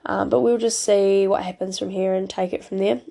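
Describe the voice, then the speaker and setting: A teenage woman hosting a casual solo podcast. Her voice is rough from crying, and she rambles and apologises, with many ums. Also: mid-range voice, fairly even intonation, brisk, dark tone. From New Zealand. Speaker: podcast host.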